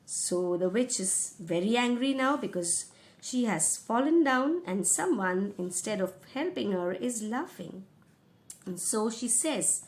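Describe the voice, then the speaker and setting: Slow, patient woman teacher. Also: on the high side, expressive. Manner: patient, paraphrases each passage in simple words. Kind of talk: explaining a school reading lesson.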